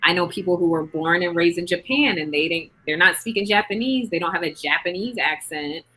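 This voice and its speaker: A woman's voice: fairly low pitch, fairly quick, bright, forceful tone, rough recording. A woman raised in England, casually chatting as host and leaning on lots of filler words. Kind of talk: casual group chat.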